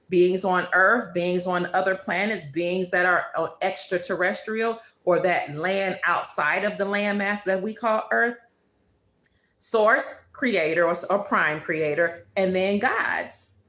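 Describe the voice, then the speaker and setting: A woman's voice: medium pitch, a bit bright. Emphatic woman preaching in a roomy space. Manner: emphatic, declarative, preachy repetition. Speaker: channel host. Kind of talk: spiritual monologue. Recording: roomy echo.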